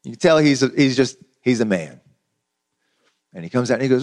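Male pastor, conversational sermon, storytelling delivery, middle pitch, repeats himself. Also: lively intonation, a little fast, a little mellow.

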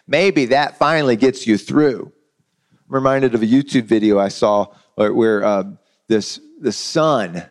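A man preaching a sermon in a conversational, storytelling way, often repeating words as he goes. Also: lowish voice. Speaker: pastor.

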